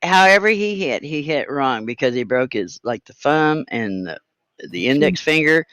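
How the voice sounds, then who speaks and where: A blunt, firm middle-aged man recounts a run-in with a school in a casual chat, swearing as he quotes himself. His voice moves lively up and down, and it sounds dry and close, with no room around it. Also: fairly high pitch, moderate pace, smooth, dry recording. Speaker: co-host, parent of the other host.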